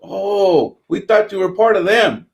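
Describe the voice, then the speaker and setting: A man's voice: high voice, measured pace, pitched above the performer's own voice. An older man voicing a puzzled white male navy chief, asking questions in surprise.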